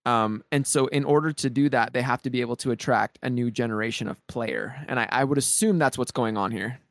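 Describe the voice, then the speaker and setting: Excited rambling man on a podcast. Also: mid-range voice, a little fast, no echo, studio quality. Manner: excited rambling with many restarts. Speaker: podcast co-host. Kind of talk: casual podcast chat.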